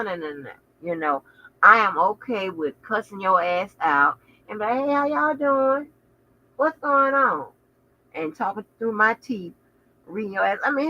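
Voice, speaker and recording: A woman hosting a casual livestream, chatting with viewers in a sassy, profane way full of animated asides. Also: mid-range voice, dull audio. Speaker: channel host.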